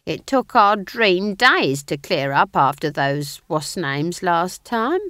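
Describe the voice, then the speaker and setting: A woman's voice: lowish voice, lively intonation, a bit bright, dry recording, clean studio sound, voice pushed up. Woman putting on a folksy old witch. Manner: folksy, drawn-out, chuckling. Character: cheerful, homely older woman witch.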